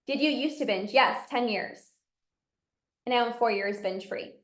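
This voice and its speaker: A woman's voice: fairly high pitch, unhurried, roomy sound. A woman hosting a solo podcast as a coach, talking in an earnest, encouraging way. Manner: earnest, encouraging, acts out inner voices. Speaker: podcast host and binge eating coach.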